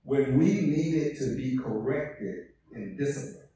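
A man preaching a call-and-response sermon, swelling from soft passages to shouts and stretching out key words. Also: medium pitch, takes it slowly, a little hiss or hum. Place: church sanctuary. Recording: echoey hall, preacher far from the mic.

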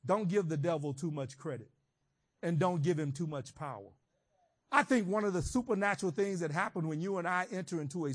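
A man preaching a sermon, swinging between shouted emphasis and quiet, reflective teaching. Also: fairly high pitch.

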